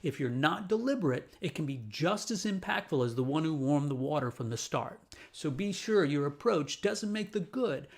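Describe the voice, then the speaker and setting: A man from New Orleans telling a personal childhood story with a lesson, in an animated and playful way. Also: a little high, normal speed, vocal fry. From New Orleans, USA.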